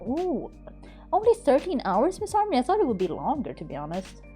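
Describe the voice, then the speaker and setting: Her pitch swooping wildly, a high-voiced Swedish woman chats briskly and warmly on a live game stream, laughing often and swearing freely. A faint Swedish accent shows under her American-learned English, and faint music sits in the background.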